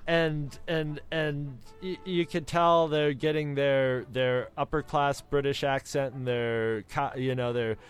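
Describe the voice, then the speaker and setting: Smooth-voiced American man chatting. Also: mid-range voice, steady tone, takes it slowly, hardly any pauses, faint music behind. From United States. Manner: rambling, with many restarts and impressions of other accents. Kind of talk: casual chat.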